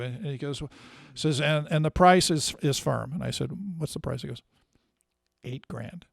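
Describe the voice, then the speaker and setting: Gravelly man telling car stories. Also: a little high, fairly quick, no room sound, clean studio sound. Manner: rambling storyteller, many fillers and restarts. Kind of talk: casual storytelling chat.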